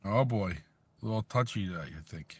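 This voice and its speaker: A man's voice: on the low side, lively intonation, normal speed, darkish tone, slightly rough. A man calling into a casual chat show from his parked car, easygoing and jokey, agreeing readily with the others. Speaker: co-host calling in. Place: parked car in a parking lot.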